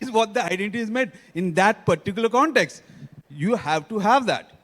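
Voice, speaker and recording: Indian man, conference speaker, high voice, keeps checking the crowd follows, hall reverb. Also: animated, a little fast, a bit bright. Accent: Indian English. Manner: engaging, quizzes the audience often. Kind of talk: technical conference talk.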